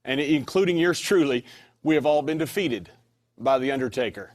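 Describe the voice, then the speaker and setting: Panel host: a man with a polished announcer's delivery, middle pitch. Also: animated, normal speed. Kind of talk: formal announcer introduction.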